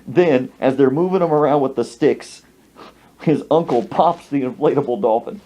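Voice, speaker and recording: A man hosting a podcast, telling a comic story with an exaggerated, animated delivery, on a dull lo-fi recording. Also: medium pitch, normal speed. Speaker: podcast host.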